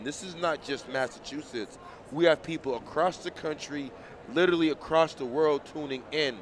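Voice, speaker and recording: A man's voice: a little high, slight background noise. Chatty Boston man calling a track meet. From Boston area. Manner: chatty, gives loud shout-outs to viewers. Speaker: meet commentator and streamer. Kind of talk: casual live sports commentary.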